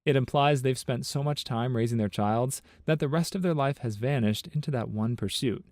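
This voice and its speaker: A man narrating a compilation of internet stories and comments in a steady, even read-aloud manner. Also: mid-range voice, moderate pace, no room sound, studio quality. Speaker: narrator of online story compilations.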